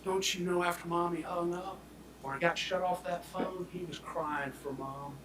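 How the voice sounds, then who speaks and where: A man delivers a prosecutor's closing argument, speaking emphatically and swinging between loud declarations and hushed near-whispers. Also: high voice, fairly even intonation, measured pace, a crowd in the background. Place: courtroom. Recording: echoey courtroom audio from far off.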